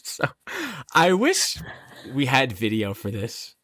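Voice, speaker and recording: A man's voice: mid-range voice, slow, no echo. A man tells a story in casual chat, cursing freely and swinging his voice up and down with energy. The sound is dry and close, with no room around it. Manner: animated, profane storytelling, laughing often. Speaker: podcast co-host.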